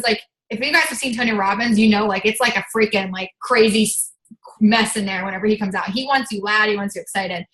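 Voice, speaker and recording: A woman leading a motivational team call as a fitness coach. She is energetic and chatty, scatters "like" through her talk and swears casually. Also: fairly high pitch, roomy sound, low-quality recording.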